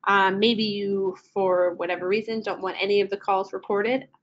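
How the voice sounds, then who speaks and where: Casual woman walking through software. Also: mid-range voice, fairly even intonation, normal speed, dull audio, a little hiss or hum. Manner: casual, many ums and uhs while clicking through. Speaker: software trainer. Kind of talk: screen-share product walkthrough.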